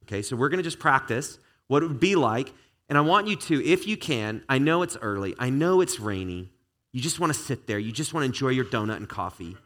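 A man giving a relaxed, conversational sermon in a church, speaking at an ordinary middle pitch. He talks directly to the congregation, loose and chatty, often restarting his sentences. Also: fairly quick. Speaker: pastor. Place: church service before a live congregation.

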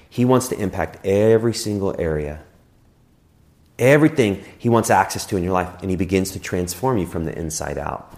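A man preaching a sermon in a church, earnest, swinging between rising emphasis and quiet, slow prayer lines. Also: deep voice. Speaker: pastor.

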